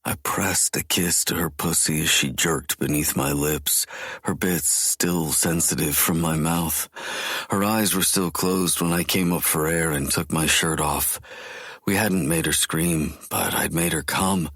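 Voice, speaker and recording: Very deep husky male narrator. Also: steady tone, unhurried, a bit bright, dry recording, clean studio sound. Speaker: audiobook narrator. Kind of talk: first-person romance narration.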